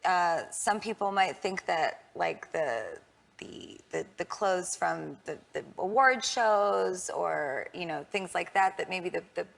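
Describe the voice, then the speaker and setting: Gravelly-voiced woman answering hesitantly. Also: on the low side, animated, slow pace. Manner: hesitant, full of fillers and restarts. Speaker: interview guest. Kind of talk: interview answer.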